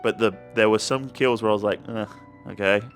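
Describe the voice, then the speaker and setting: A man's voice: lowish voice, steady tone, quick pace, music in the background. Rambling, profane young man reviewing a movie. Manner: rambling, profane, jokey with self-interrupting restarts. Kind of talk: casual comedic movie review.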